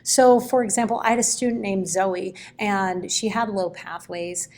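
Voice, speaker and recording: A woman educator, a guest in a conversation, telling classroom stories in an animated and expressive way. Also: mid-range voice, moderate pace. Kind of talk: conversational storytelling.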